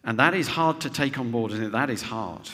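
A man's voice: medium pitch, a little fast, sharp tone. A man preaching a sermon to a congregation, often ending points with rhetorical tag questions. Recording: long reverb of a large hall.

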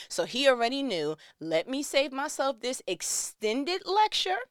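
A woman's voice: sits high, sing-song, measured pace, hardly any pauses, smooth, no echo, clean studio sound. A woman, a mother, telling funny family stories in a casual, playful, slangy way, often breaking into laughs. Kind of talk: casual storytelling monologue.

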